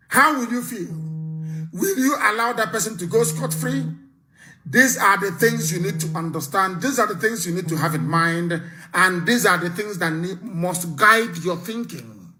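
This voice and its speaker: Guy on a live broadcast, fiery, keeps firing questions at the crowd, kinda high voice. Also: pushed and bright. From Nigeria. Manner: impassioned, hammering rhetorical questions; issues stern warnings. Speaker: political activist leader.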